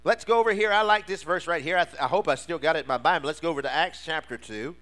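A man preaches with a high, ringing voice, drawing call-and-response from his congregation. He swings from low, confiding lines to fervent shouts. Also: fast talker. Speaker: pastor. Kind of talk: sermon.

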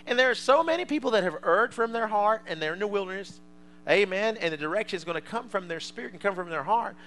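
A male preacher delivering a fervent sermon to a congregation, swinging from quiet asides to loud shouts. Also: sits high, lively intonation, quick pace, slight background noise, poor audio.

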